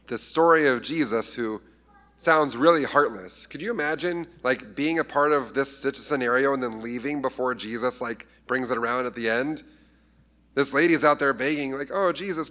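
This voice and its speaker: Male pastor, casual sermon, mid-pitched, playful with acted scripture voices. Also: a bit bright. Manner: conversational, acts out scripture voices with humor.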